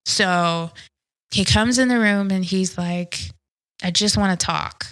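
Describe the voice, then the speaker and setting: A woman's voice: medium pitch, slow, a bit bright, no room sound, poor audio. A woman in her thirties telling a personal story as a podcast guest, speaking earnestly and acting out quoted lines. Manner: earnest, conversational, reenacts quoted dialogue.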